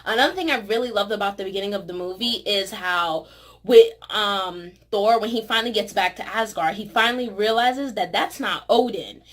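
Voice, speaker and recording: A woman talking casually and excitedly in a vlog review, filling her talk with "you know" and "like". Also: medium pitch, moderate pace. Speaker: movie reviewer.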